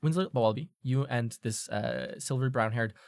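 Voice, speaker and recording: A man's voice: mid-range voice, normal speed, a little mellow, no room sound. A man narrating as game master of a tabletop game, casual and loose with many fillers and restarts.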